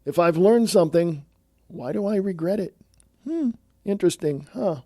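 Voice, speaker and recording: A man's voice: high-pitched, animated, normal speed, warm tone, no echo, clean studio sound. A man hosting his own podcast, talking bluntly in a scolding, sarcastic monologue. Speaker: podcast host.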